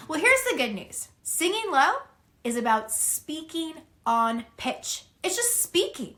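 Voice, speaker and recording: A woman's voice: high-pitched, sing-song, slow pace, bright, forceful tone, soft background music. A woman giving a singing lesson, encouraging and demonstrating spoken and sung phrases. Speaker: singing teacher. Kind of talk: vocal lesson to camera.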